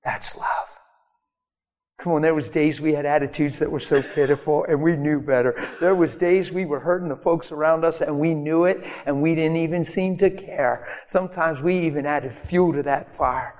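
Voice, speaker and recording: Earnest preacher with a ringing hall. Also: male voice, fairly even intonation, moderate pace, a little mellow. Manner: conversational, earnest, bursts into high mock voices. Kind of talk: sermon. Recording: long reverb of a church hall.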